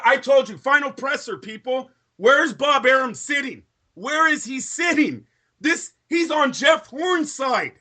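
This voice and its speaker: A man's voice: extremely high pitch, pushed and bright. A man co-hosting a boxing podcast, ranting in a heated debate, profane and insistent.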